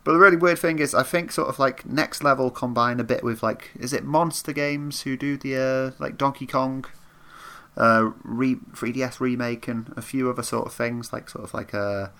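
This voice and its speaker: A man's voice: mid-range voice, fairly even intonation, normal speed, bright, forceful tone. A man co-hosting a podcast, explaining things in a rambling, hedging way. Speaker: podcast co-host. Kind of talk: casual chat.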